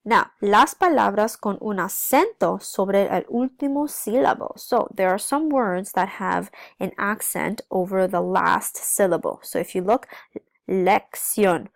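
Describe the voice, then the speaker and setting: A woman's voice: medium pitch, measured pace, gravelly, no room sound. Dry, close-miked woman teaching a lesson. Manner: explains step by step, checks in with "okay?"; switches between English and Spanish. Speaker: Spanish teacher. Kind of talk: recorded classroom lesson.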